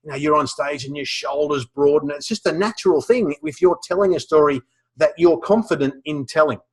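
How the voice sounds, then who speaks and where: Give me an Australian man with a husky voice telling anecdotes in a talk. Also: a little high, fairly quick. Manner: animated storyteller with many restarts and fillers. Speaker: professional speaker teaching a webinar. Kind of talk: storytelling presentation.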